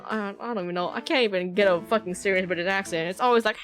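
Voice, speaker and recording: A woman streamer chatting casually as she plays, animated and swearing freely. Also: medium pitch, fast, faint music behind. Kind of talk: casual game commentary.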